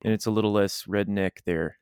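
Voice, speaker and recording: A young man chatting casually as podcast co-host, animated and rambling, laughing often. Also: lowish voice, a little fast, clear, resonant tone, dry recording, studio quality. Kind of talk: casual chat.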